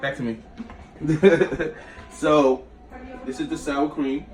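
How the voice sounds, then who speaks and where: A man's voice: mid-range voice, steady tone, a little slow, distant mic, faint music behind. Slangy New man in an echoey kitchen. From New York. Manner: slangy, chatty, jumps between recipe and stories. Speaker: cooking show host. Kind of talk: casual cooking vlog storytelling. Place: small home kitchen. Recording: echoey room, away from the mic, faint noise.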